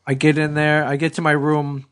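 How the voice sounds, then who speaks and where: A man's voice: a little high, completely flat delivery, normal speed, clear, resonant tone. A man in his thirties co-hosting a podcast, telling a rambling story in casual chat and swearing freely. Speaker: podcast co-host.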